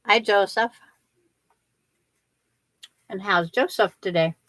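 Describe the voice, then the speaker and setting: An older woman with a medium-pitched, slightly bright voice speaks slowly while hosting a quilting livestream. She chats and rambles casually with viewers, often restarting her sentences, on a dry recording.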